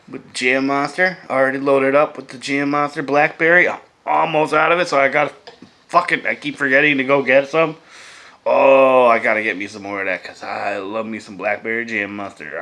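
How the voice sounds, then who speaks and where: A man casually chatting to camera as a vlogger, loose, profane and enthusiastic, often dropping to a hush. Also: medium pitch. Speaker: vlogger reviewing beer and vape pairings.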